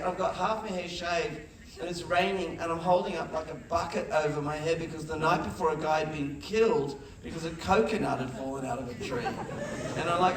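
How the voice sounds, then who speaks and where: Animated man in an echoey hall. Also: on the high side, brisk, recorded from a distance, a crowd in the background. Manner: animated storyteller, acts out quotes. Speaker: film director, guest. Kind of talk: onstage festival conversation. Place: large festival hall with audience. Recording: echoey hall, mic heard from afar.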